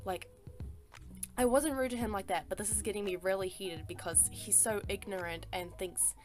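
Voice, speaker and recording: Over faint background music, a woman tells a personal story in a casual voice-over, speaking at a normal speed in a medium pitch. As a storytime artist, she sounds emphatic and exasperated, swears freely, and peppers her talk with "like" and "sis".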